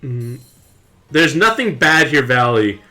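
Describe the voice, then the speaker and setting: A young man chatting playfully to his viewers while streaming a mobile game, with excited outbursts. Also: medium pitch, slow pace. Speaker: gaming streamer. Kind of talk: casual game commentary to live chat.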